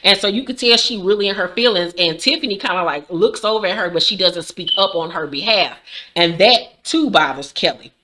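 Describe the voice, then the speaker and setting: Brief: casual woman vlogger, low-ish and punchy, loose slangy recap talk with lots of swearing. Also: fairly quick, sharp tone. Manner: slangy, profane, chatty storytelling. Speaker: YouTuber recapping a TV episode.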